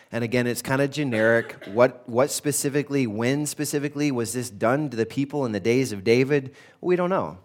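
A man preaching a sermon at a middle pitch, talking casually to his listeners. He speaks with emphasis and draws the scripture quotes out slowly. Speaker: pastor. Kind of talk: sermon teaching on a psalm.

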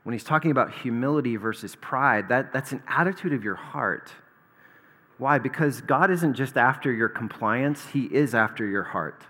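A man delivers a sermon at a medium pitch in a loose, conversational manner. He mixes scripture readings with casual asides and light humor. His voice rings out with a long echo in a large hall. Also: moderate pace, bright, forceful tone. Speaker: pastor.

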